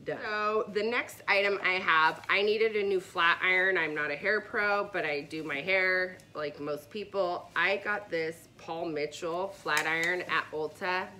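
A woman's voice: on the low side, unhurried, hardly any pauses, pushed and bright, slight background noise. A woman vlogger chatting casually and enthusiastically about her favorite products, with rambling asides. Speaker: beauty vlogger.

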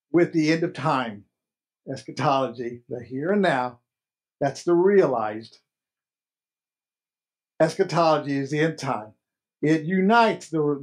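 Slow, emphatic preaching man. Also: fairly high pitch. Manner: emphatic preaching with repeated phrases and slow stressed words. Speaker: pastor. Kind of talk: sermon. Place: chapel.

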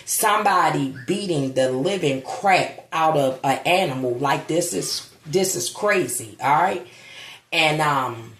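A grieving woman talks slowly and heavily in a gravelly, low-set voice, holding back tears as she speaks. She is blunt and swears. The sound is echoey, as if from a bare room at home. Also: a bit bright, slight background noise. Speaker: vlogger. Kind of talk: casual vlog monologue.

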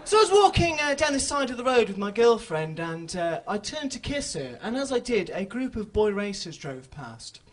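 A man doing a stand-up comedy routine on a club stage, telling stories with sudden loud bursts. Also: high voice, very animated, moderate pace, hardly any pauses, some chatter behind.

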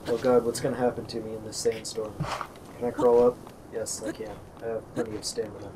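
A man's voice: on the low side, flat delivery, a little fast, dark tone, a little hiss or hum. A man commentating his own gameplay in casual let's-play style, grumbling and swearing at enemies. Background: game music.

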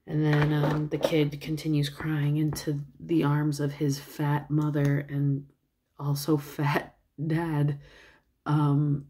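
Young woman vlogger, low warm voice, loose rambling retelling. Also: completely flat delivery, slow pace. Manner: rambling, with fillers and soft asides. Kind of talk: casual storytelling, retelling a film.

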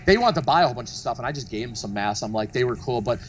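A man spinning loose, animated stories as a guest on a podcast chat. He rambles with plenty of "um"s and "like"s, swears freely, and speaks at a medium pitch over faint background noise. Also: rapid-fire. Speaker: guest, mask artist and studio founder. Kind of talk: casual storytelling chat.

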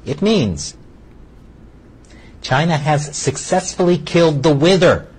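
A man in a viewer-sent clip who explains a meme in a deadpan way. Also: a little high, takes it slowly, breathy edge.

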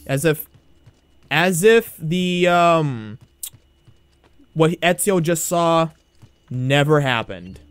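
A man hosting a let's play, giving animated, giggly casual game commentary on a close mic. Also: on the high side, drawn-out words, long pauses, clear, resonant tone, dry recording.

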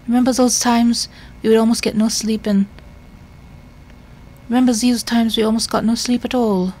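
A woman voicing a formal, earnest male Victorian doctor in a video game, measured and grave. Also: on the high side, steady tone, a little mellow, pitched above the performer's own voice, lightly acted.

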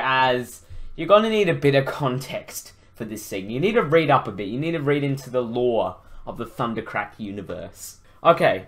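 A man's voice: mid-range voice, fairly bright tone. A young man sarcastically reading aloud and mocking his own old book.

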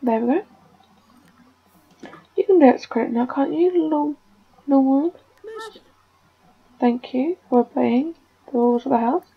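A woman's voice: sits high, normal speed, vocal fry, pauses often, phone-quality sound. A woman giving casual commentary while she plays a life-simulation game, scolding and coaxing her characters like a fussing parent. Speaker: gaming video creator.

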